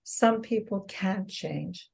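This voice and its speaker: Older woman, from the US, earnest reflective guest, mid-pitched voice. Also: takes it slowly, vocal fry, a little mellow. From United States. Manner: earnest, reflective, with restarts and light laughs. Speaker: author and exercise therapist, guest. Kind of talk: casual interview conversation.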